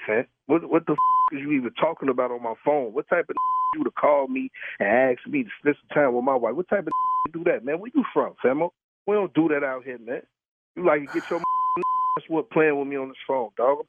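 A man's voice: mid-range voice, dry recording. Irate man on a tinny phone line. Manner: heated, swearing, incredulous laughs. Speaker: prank call target. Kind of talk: phone call.

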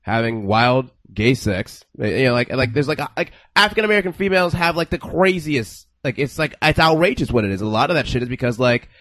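A man's voice: mid-range voice, a little fast, few pauses, a bit bright, dry recording. A man co-hosting a podcast, telling stories in a rambling, profane way full of "like.". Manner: rambling, profane, heavy use of "like". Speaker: podcast co-host. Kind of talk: casual chat, storytelling.

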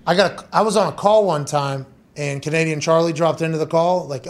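A young man hosting a podcast, chatting casually and telling animated stories that he laces with swearing and laughter. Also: a little high, a little fast. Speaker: podcast host. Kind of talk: casual chat.

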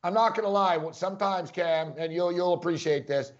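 A man with a New York accent co-hosting a casual sports podcast, talking fast and rambling, with frequent laughs. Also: high voice. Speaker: podcast co-host. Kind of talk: casual chat. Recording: dull lo-fi audio.

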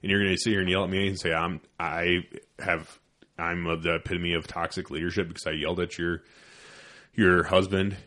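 A man's voice: low-pitched, little pitch movement, brisk, pushed and bright. A man in his thirties, a former Army sergeant, telling a heated, profane story in casual podcast chat. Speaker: podcast co-host.

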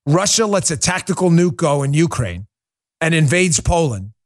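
A man's voice: fairly high pitch, very animated, moderate pace. A man hosting a political talk show, lecturing listeners in an emphatic, urgent way. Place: Florida.

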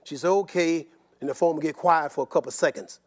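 An older man telling stories about his life in an interview, animated and rambling, repeating words and often laughing. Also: fairly high pitch, racing, breathy edge. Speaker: interview guest. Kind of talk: personal storytelling in an interview.

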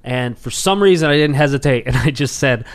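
A man's voice: medium pitch, brisk, vocal fry. A man, a stand-up comedian, telling stories in casual podcast chat, acting out quotes as he goes. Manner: animated, rambling, acts out quotes.

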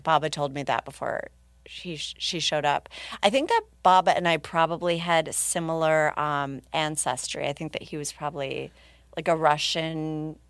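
A woman's voice: deep voice, no room sound. Woman in her 30s, comic guest, casual self-mocking storyteller, dry close mic. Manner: lively, laughing, self-mocking. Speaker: comedian guest.

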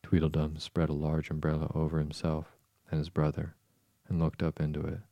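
A man narrating an audiobook in a measured, even way. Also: a bass voice, creaky, no room sound.

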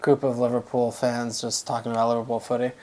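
Relaxed rambling man on a podcast. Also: medium pitch, quick pace, a loud crowd. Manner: relaxed, rambling, frequent fillers. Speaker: podcast co-host. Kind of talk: casual football chat.

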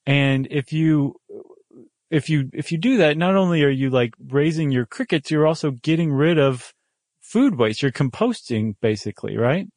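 A man's voice: a little high, moderate pace, a little mellow, no echo, clean studio sound. A man co-hosting a podcast, chatting casually and joking, with frequent ums as he thinks aloud. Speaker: podcast co-host. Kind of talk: casual chat.

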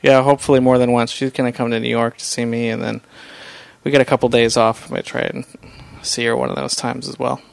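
Smooth-voiced man in dry close sound. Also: mid-range voice, level tone, fast talker, dry recording. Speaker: podcast co-host, touring musician. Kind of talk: casual chat.

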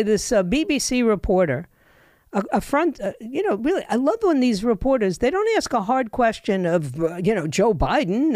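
A woman hosts a talk radio show with an opinionated, sardonic monologue. She talks chattily and often restarts her sentences. Her voice sits at a middle pitch and sounds dry and close to the mic. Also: darkish tone, dry recording.

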